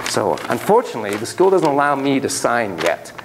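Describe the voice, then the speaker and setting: A man's voice: medium pitch, very animated, a little fast, hardly any pauses, noisy background. A man giving a classroom lecture on parenting, acting out quoted voices and digressing with laughter. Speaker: psychology lecturer.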